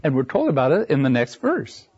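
A man preaching a Bible sermon as a teacher, with animated rises and drops in pitch and slow, emphatic delivery. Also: breathy edge. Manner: slow, emphatic delivery with brief asides and restarts. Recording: dull lo-fi recording.

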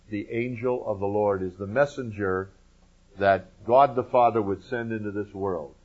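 A male preacher teaches the Bible, stressing points in scripture and tossing folksy asides to the audience. His voice is mid-pitched, and the recording comes across muffled and lo-fi.

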